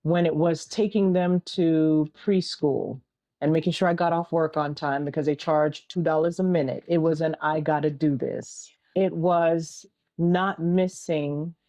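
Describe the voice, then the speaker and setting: Mellow-voiced woman, earnest interview guest. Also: low-pitched, steady tone, a little slow. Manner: earnest, repeats a refrain, uses analogies. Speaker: interview guest, entrepreneur and single mother. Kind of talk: reflective interview answers.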